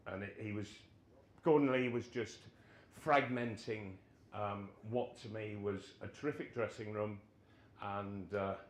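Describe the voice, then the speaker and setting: A man in his sixties, a former footballer, telling anecdotes to a live audience in a social club and acting out the people he quotes. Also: medium pitch. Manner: animated, acts out quoted voices. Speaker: former footballer, guest storyteller. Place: social club function room. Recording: roomy hall echo.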